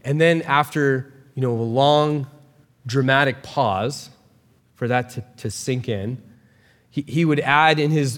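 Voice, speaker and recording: A man preaching a sermon as a pastor, talking in a casual, animated way with quick asides. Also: medium pitch, in a large hall.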